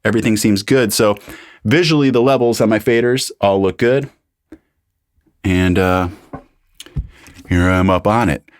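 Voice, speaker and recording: In his home studio, a YouTube mic reviewer with a fairly low voice takes his time, leaving long pauses between repeated test phrases as he checks levels on a studio condenser microphone. It's a casual gear review with no echo.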